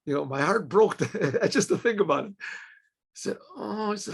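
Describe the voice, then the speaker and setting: A man, a rabbi, giving a Torah class in a halting way, restarting phrases, clearing his throat often and asking himself questions he then answers. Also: sits high, expressive.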